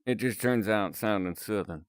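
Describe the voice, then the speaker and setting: A man's voice: fairly low pitch, normal speed, clean tone, dry recording, studio quality. A man chatting casually on a live stream, rambling and chuckling between remarks.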